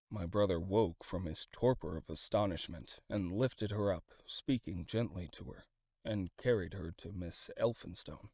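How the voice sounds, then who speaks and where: A man reading a classic novel aloud as an audiobook, in a dramatic, expressive style of scripted narration. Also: low voice, a little slow, dry recording.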